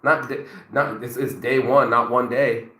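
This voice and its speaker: A man's voice: medium pitch, fairly even intonation, a little slow, sharp tone, roomy sound, rough recording. A man in his forties giving a rambling motivational talk, full of swearing and filler words. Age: 40s. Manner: rambling, profane, many fillers. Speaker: motivational vlogger. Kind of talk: casual motivational monologue.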